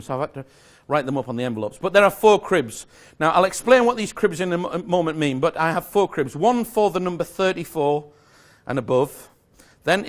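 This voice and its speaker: A man giving a live magic lecture to an audience, explaining step by step in a chatty, self-correcting way with small jokes. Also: on the high side.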